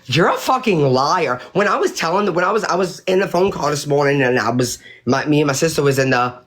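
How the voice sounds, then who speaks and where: A woman's voice: low voice, fast talker. Indignant, profane woman ranting on a livestream. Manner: indignant, profane, rambling with restarts. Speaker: livestreamer addressing viewers. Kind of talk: heated livestream rant.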